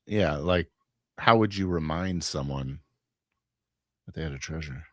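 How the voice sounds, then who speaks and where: A man's voice: extremely low pitch, measured pace, no room sound, clean studio sound. A man co-hosting a casual chat, blunt and jokey, who runs tabletop games himself. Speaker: podcast co-host and game master. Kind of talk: casual chat reacting to a video.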